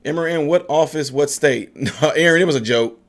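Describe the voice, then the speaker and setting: A man's voice: on the high side, fairly quick. A man hosting a casual political livestream, chatting loosely and answering viewer comments. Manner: chatty, laughs often, coos at his dog in a soft baby-talk voice.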